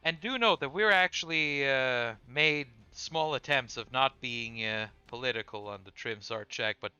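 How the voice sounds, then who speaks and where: Norwegian male streamer, accented English, sharp clear voice, crude and halting, dry lo-fi mic. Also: medium pitch, no echo, faint music behind. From Norway. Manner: profane, rambling, with hesitant restarts. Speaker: streamer host. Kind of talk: casual stream chat.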